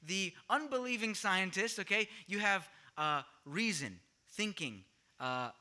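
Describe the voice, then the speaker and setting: Male pastor, sermon delivery, bright and high voice, questions the congregation, louder at key points. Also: lively intonation, unhurried. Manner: teaching, asks the congregation questions, swings louder for emphasis.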